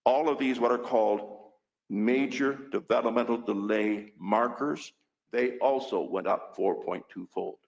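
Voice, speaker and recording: A man's voice: medium pitch, unhurried, gravelly, highs cut off. An older man, a physician, giving earnest, emphatic testimony at a public hearing. He is a little out of breath and repeats key points for stress.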